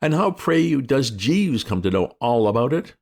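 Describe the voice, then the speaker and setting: A man voicing an imperious older aunt who makes shrill, haughty demands. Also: sing-song, normal speed, creaky, darkish tone. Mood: indignant. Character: domineering older aunt, imperious and easily outraged.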